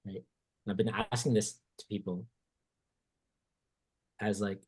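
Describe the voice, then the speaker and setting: A man hosting a podcast, telling a story in casual chat, animated and swearing casually, acting out what people said. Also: lowish voice, measured pace, slightly rough. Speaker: podcast host.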